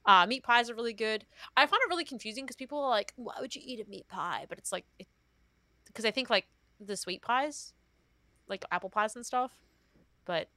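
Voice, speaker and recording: Young Aussie woman, bright tone, rambling self-deprecating chatter, dry mic. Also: a little high, a little fast, no echo. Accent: Australian. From Australia. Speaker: guest. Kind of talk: casual chat.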